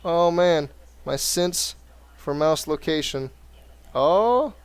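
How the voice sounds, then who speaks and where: A man's voice: on the high side, lively intonation, takes it slowly, smooth, dry recording. Chatty man casting a game replay. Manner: wry, chatty play-by-play with jokes. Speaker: game caster. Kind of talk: casual game commentary.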